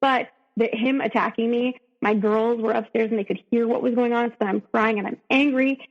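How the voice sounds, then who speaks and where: A woman recounts a painful story with raw emotion, often rushing and restarting her sentences. Her voice sits fairly high and sounds husky and breathy. The recording is dull and lo-fi, with a long reverb around her. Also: steady tone. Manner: emotional, rushed retelling with restarts. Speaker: podcast guest. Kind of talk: personal story in conversation.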